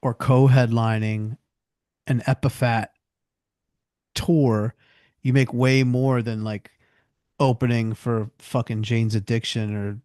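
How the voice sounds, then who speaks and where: A man's voice: mid-range voice, flat delivery, takes it slowly, long pauses, darkish tone, clean tone, no echo, studio quality. A man co-hosting a podcast who rambles casually, filling his talk with "like" and "you know". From United States. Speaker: podcast co-host. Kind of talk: casual chat.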